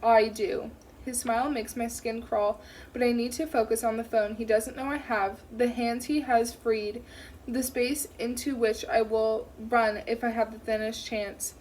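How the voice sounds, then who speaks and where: A woman narrating a first-person thriller audiobook in a tense, steady way. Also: fairly high pitch, a little slow, slight background noise, poor audio.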